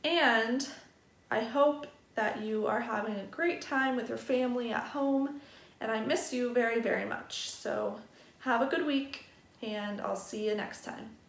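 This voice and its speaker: A woman teaching a first grade vocabulary lesson at a distance, spelling each word out slowly and explaining it gently for young children. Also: on the high side, creaky. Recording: echoey room.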